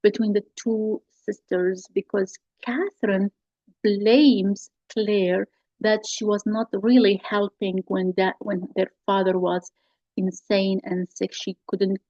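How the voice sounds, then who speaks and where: A woman's voice: medium pitch, fairly even intonation, takes it slowly, warm tone, dry recording, dull audio. A woman teacher explaining a play scene to her class. She talks in an explanatory way and repeats her key points.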